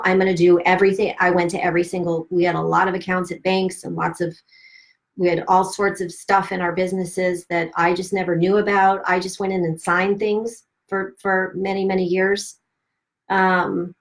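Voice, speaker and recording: A middle-aged woman hosting a live stream, candidly telling a painful personal story with emphatic, swearing, animated delivery and quoted dialogue. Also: fairly low pitch. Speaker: host of a self-help live stream.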